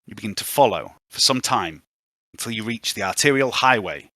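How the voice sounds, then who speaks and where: A man's voice: fairly low pitch, expressive, normal speed, bright, forceful tone, no echo, clean studio sound. A man narrating a tabletop game as game master, in an ominous, theatrical storytelling manner.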